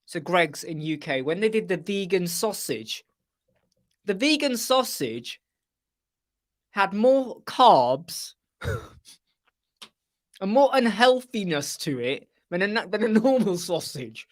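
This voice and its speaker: A man's voice: sits high, very animated, slow, pauses often. A man hosting a live web chat, rambling casually and mimicking other people's voices as he tells anecdotes.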